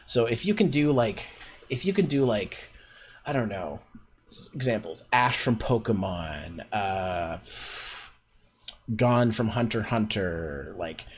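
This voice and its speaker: A man's voice: fairly low pitch, lively intonation, slow, long pauses, slightly rough. A man hosting a casual voice acting workshop on a stream, talking loosely with lots of filler words. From Canada. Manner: loose and rambling, heavy on fillers like "like" and "um". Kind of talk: casual livestream teaching.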